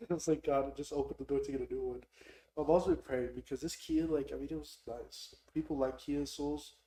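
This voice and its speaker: A young man tells a long story on a podcast in a relaxed chatty way. He acts out the people he quotes and gets louder when he does. His voice sits at a middle pitch, and it carries a roomy echo. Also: normal speed. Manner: animated storyteller, mimics people loudly in quotes. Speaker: podcast host. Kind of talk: casual storytelling chat. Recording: echoey room.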